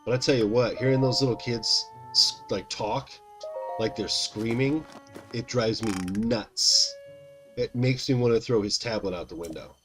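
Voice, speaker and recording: A worn-out man in his thirties chats loosely with his viewers while he plays, drifting from topic to topic at an everyday pitch. Game music runs clearly underneath his voice. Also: unhurried. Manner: rambling, chatty, talks to chat by name. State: tired. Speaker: game streamer. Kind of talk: casual chat while gaming.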